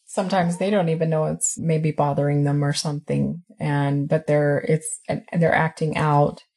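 A woman's voice: low-pitched, flat delivery, moderate pace, warm tone. A woman interviewer who sums up points in a reflective, conversational way.

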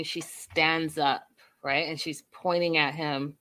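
A woman talks her viewers through a reality show episode, animated and gossipy, like chatting with friends. Her voice is bright and forward, with a lively, energetic edge. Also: sits low, takes it slowly. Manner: animated, gossipy storytelling, addresses viewers directly. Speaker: reality TV recap host. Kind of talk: casual chat recapping a show.

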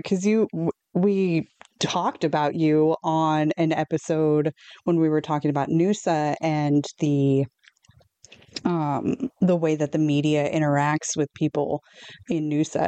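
Mellow-voiced woman podcast co-host. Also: low-pitched, no echo. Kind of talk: casual podcast chat.

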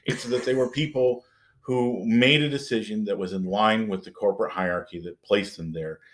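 A man's voice: lowish voice, normal speed, slight background noise. A man co-hosting a podcast in casual chat, wry and rambling, trailing off at times. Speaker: podcast co-host.

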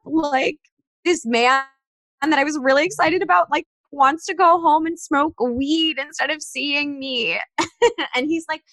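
A woman's voice: high voice, a little slow, dry recording. A young woman telling a dating story in casual chat, acting out the texts she got and sent. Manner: animated storyteller, acts out texts in quoted voices.

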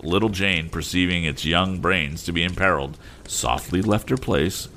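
A man narrating a classic novel as an audiobook reader, measured and expressive. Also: low-pitched, a little hiss or hum.

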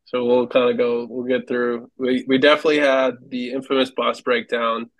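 A man's voice: mid-range voice, level tone, normal speed, no room sound, poor audio. A man, a former hockey goalie, telling rambling stories as a podcast guest and laughing often. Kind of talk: casual storytelling.

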